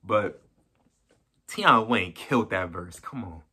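A man hosting a music reaction, talking fast and excited in slang and repeating his points over and over. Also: on the low side. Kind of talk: hyped reaction commentary. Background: faint hip hop track playing.

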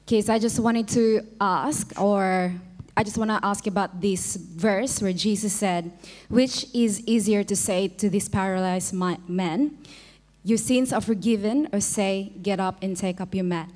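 A woman's voice: medium pitch, unhurried, darkish tone. A woman asking a question from the floor at a debate, reading out a prepared question. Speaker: audience questioner.

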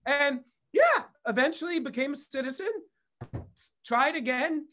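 A man's voice: high voice, animated, normal speed, sharp tone. Candid, foul-mouthed man telling stories. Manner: candid, swears freely, rambling asides. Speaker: guest, comedy producer and director. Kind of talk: casual interview storytelling.

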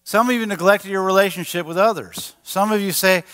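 A man, a pastor, preaching a sermon in a lively, animated way and acting out quoted voices. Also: high voice, fairly quick, few pauses. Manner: animated, acts out quotes with a raised voice. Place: church sanctuary. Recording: large church hall with long reverb.

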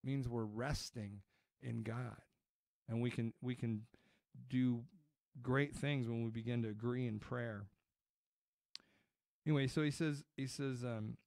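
A man's voice: medium pitch, fairly even intonation, a little slow, creaky, long pauses, a little mellow, no room sound, clean studio sound. A middle-aged man preaching a sermon as pastor, telling stories in a conversational way with frequent restarts.

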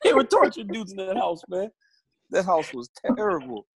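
A man with a raised pitch and plenty of fry in his voice, sharing memories as a podcast guest. He talks emphatically, laughs often and circles back to repeat his points. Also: expressive, normal speed, low-quality recording. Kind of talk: casual storytelling chat.

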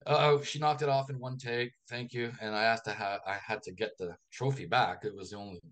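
A male author, a guest on a radio interview, telling a long anecdote in a lively raconteur's manner. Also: mid-range voice, fairly quick. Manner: lively raconteur, acts out quoted voices.

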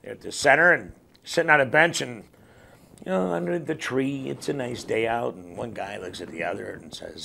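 Gravelly man ranting and telling jokes. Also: mid-range voice, very animated, slight background noise. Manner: loud, punchy delivery with drawn-out shouted show tagline. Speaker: host of a local comedy rant show. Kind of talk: joke-telling rant.

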